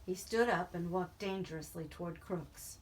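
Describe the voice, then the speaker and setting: A woman narrating a novel in a plain, steady audiobook reading. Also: lowish voice, normal speed.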